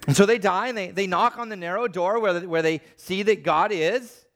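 A man preaching a sermon, animated, acting out the voices of the people he quotes. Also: high-pitched, moderate pace.

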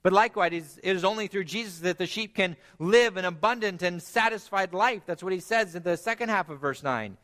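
A man preaching a sermon, earnest, climbing to emphatic peaks and then dropping low and quiet. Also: a little fast, few pauses.

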